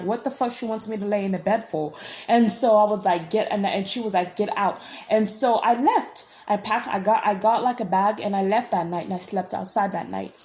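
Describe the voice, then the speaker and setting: Young woman vlogger, mellow tone, blunt, rambling storyteller. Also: medium pitch. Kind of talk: casual storytelling.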